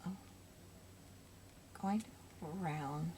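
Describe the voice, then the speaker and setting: Woman, craft vlog, losing her voice, low pitch, murmuring to herself, clear background noise. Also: expressive, a little slow. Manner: musing aloud while working, often dropping to a murmur. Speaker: craft vlogger. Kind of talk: casual crafting walkthrough.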